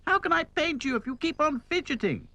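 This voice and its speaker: A woman's voice: lively intonation, brisk, bright, forceful tone, no room sound, full character voice. A man voicing a bossy, impatient little female rag doll in a cartoon, with music underneath. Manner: shrill, commanding, impatient.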